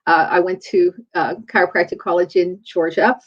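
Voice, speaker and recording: A woman's voice: on the low side, fairly even intonation, moderate pace, husky. A middle-aged woman chiropractor giving a faith-based motivational talk in a conversational, storytelling way. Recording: dull lo-fi recording.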